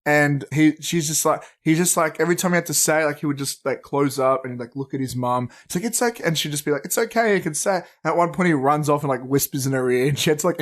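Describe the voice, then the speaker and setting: Slightly high-voiced guy co-hosting a movie podcast, rambly, swears a lot, laughs a bunch. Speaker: podcast co-host. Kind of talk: casual movie podcast chat.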